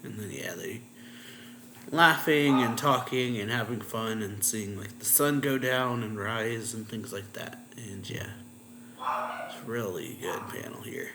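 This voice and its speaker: A man's voice: lowish voice, a little slow, noisy background. A man casually recapping a manga chapter as a reviewer, retelling scenes with "and then he's like" and chuckling often.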